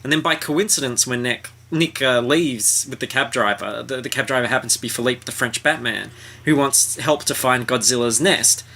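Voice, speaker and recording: A man hosts a casual podcast and pokes fun at a book as he recaps it. His voice is gravelly with plenty of fry, and it sounds bright and sharp at a middling pitch. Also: normal speed. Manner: wry and mocking. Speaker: podcast host.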